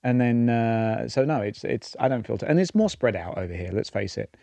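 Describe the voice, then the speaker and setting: A British man co-hosting a casual chat, talking in a rambling, halting way. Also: mid-range voice, expressive, vocal fry, dark tone, dry recording. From Britain. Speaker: co-host.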